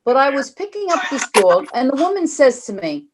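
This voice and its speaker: A woman's voice: high voice, moderate pace, slight background noise. A woman in her sixties from New York doing a stand-up set with a dry, wry delivery. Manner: dry, wry deadpan delivery of one-liners. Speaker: stand-up comic. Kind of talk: stand-up set over video call.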